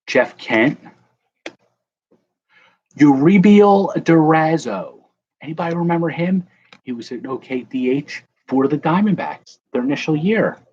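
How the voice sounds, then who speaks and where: In this clip the young livestream host chats casually as he opens card packs, teasing viewers and addressing chatters by name. His mid-range voice has a darkish tone, and the recording is muffled with a little noise behind it.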